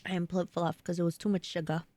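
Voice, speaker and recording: A woman's voice: on the low side, flat delivery, fast, mellow, no room sound, soft background music. A woman with a New York accent, chatting casually with her live-stream viewers and laughing often as she answers them.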